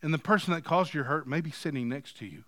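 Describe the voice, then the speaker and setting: Male pastor, sermon in church, bright tone, dry close sound, swings between quiet and loud. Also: fairly high pitch, fast talker, no room sound. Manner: animated, swings from quiet reading to loud emphasis.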